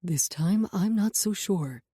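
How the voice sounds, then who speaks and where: A woman narrator voicing a steady, persuasive man who speaks low, calm and commanding in an audiobook. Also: slow, husky, no echo, clean studio sound.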